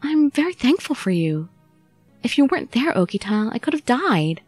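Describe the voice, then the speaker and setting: A woman voicing an earnest young heroine who pleads in a high, urgent voice. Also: very animated, normal speed, a little mellow, husky, no room sound, soft background music.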